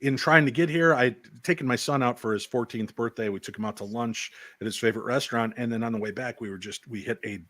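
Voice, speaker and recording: A man's voice: mid-range voice, quick pace, few pauses, a bit bright, no echo. A man in his forties from the United States chatting playfully on a video call, self-mocking and jokey. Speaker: guest podcast host. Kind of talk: casual video call chat.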